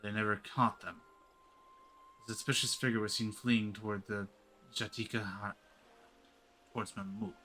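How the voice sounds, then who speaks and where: A man voicing a grieving, lion-like male village elder, reading the game's dialogue in a measured, low-key way. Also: little pitch movement, pushed and bright, a little hiss or hum. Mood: solemn.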